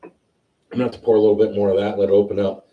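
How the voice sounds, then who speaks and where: A man hosting a whiskey tasting livestream, chatting casually and excitedly as he tastes. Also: on the low side, racing, far from the mic, highs cut off. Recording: roomy sound, a bit off-mic.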